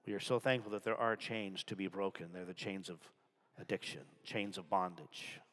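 A man preaching a sermon to a congregation, dropping to hushed whispers and rising to loud, emphatic passages. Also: low-pitched, moderate pace. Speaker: pastor. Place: large church with balcony. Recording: long hall reverb.

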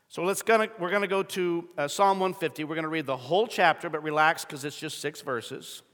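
A middle-aged man preaching to a congregation, telling a story and building to loud emphatic peaks, with frequent throat clearing. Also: on the high side. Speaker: pastor. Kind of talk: sermon. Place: large church sanctuary. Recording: long reverb of a large hall.

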